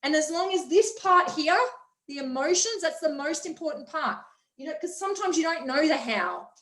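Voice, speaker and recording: A woman's voice: sits high, expressive, normal speed, a bit bright. A woman hosting a motivational online workshop, talking with energy and enthusiasm and acting out quotes. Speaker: workshop host. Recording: roomy echo.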